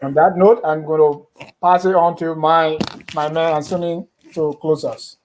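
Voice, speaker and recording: A man's voice: on the high side, flat delivery, normal speed, darkish tone, slight background noise, rough recording. A man hosting a program, formally thanking guests and handing off to his co-host.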